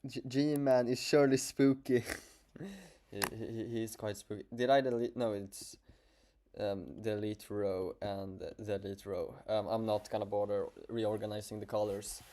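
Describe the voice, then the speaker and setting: A man with a Swedish accent chatting casually on a livestream as a streamer, halting and stammering with many restarts. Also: lowish voice, fairly even intonation, dark tone.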